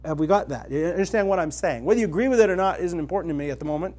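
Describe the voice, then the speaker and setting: Animated man telling a story to a group. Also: on the high side, very fast. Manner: storytelling, animated, talks to the room directly. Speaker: retreat speaker. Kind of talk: conversational teaching talk. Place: meeting room with a live audience.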